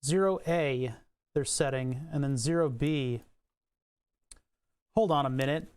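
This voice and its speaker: A man's voice: mid-range voice, measured pace, a little mellow, smooth. Man muttering through a coding livestream. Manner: muttering to himself, swearing, chuckling. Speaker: streamer. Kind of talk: livestream electronics and coding commentary.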